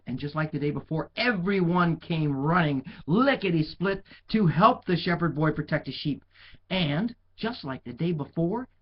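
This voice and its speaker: Male picture-book reader, slow, lively pitch, chatty asides; dull recording. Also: breathy edge. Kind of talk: reading a picture book aloud.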